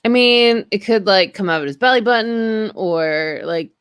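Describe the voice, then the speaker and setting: A woman's voice: mid-range voice, moderate pace, fairly bright tone, smooth, no room sound. A woman in a casual writers' room chat, asking dry, pointed questions. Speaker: sketch writer.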